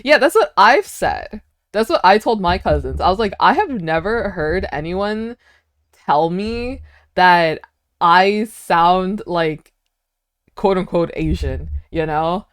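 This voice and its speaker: A woman's voice: on the low side, expressive, slow pace, dry recording, clean studio sound. A young woman with an American accent, a first-language Vietnamese speaker, chatting casually as a streamer with viewers, giggly and full of filler words. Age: young adult. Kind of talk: casual chat, answering viewer chat.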